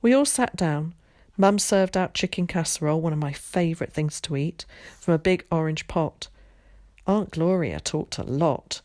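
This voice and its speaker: Teacher, woman, reading a story aloud, lowish and measured, dry close mic. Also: darkish tone, dry recording. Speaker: primary school teacher. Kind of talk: reading a children's novel aloud.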